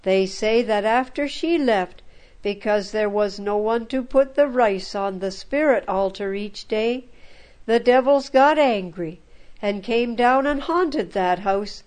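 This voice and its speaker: A woman narrating a first-person story in a calm, measured manner. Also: medium pitch.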